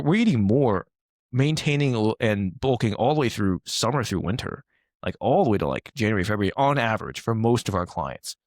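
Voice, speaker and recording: A man's voice: mid-range voice, no room sound, clean studio sound. A man co-hosting a fitness podcast in casual chat, rambling with lots of fillers and frequent laughs, originally from Taiwan. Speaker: fitness coach, podcast co-host.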